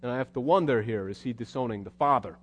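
A man's voice: medium pitch, quick pace. A male preacher giving a sermon in a conversational, wry storytelling manner. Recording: long hall reverb.

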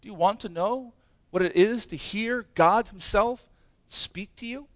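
A man's voice: high-pitched, a little slow, no room sound. A man preaching a sermon as pastor, impassioned and emphatic, with many rhetorical questions.

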